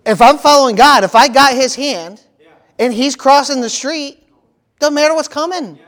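Male pastor, very high-pitched voice, animated sermon delivery with comic panicked voices. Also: normal speed. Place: church.

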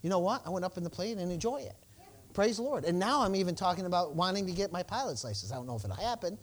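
Preaching a sermon in a high, animated voice, a male pastor talks fast through a personal story, playing out the exchanges himself. Stammered restarts and bursts of praise punctuate his delivery.

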